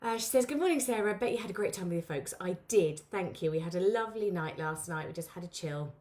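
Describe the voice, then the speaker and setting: A woman's voice: fairly low pitch, animated, fast, darkish tone. Woman hosting a live beading tutorial, chatty and informal. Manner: chatty, greets viewers by name, many fillers. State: out of breath. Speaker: craft tutorial host. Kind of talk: live-streamed craft lesson, chatty.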